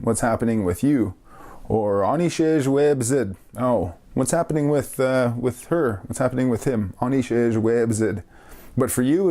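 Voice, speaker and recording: A man hosting a casual radio language lesson, explaining slowly and repeating each phrase carefully, with light self-deprecating laughs. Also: mid-range voice, warm tone.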